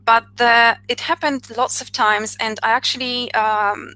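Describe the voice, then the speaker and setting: A woman's voice: on the high side, steady tone, measured pace, pushed and bright, low-quality recording. A woman in her thirties with a Polish accent hosting an interview, talking hesitantly with frequent fillers over a video call. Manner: hesitant, many "uh" and "you know". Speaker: interview host, psychologist. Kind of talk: casual conversation.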